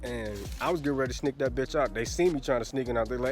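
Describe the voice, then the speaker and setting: A man's voice: mid-range voice, racing, hardly any pauses. A man in his twenties telling a crude storytime vlog into his phone, laughing often and repeating a filler phrase. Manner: crude, laughing, keeps saying "you know what I'm saying". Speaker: vlogger. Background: faint background music.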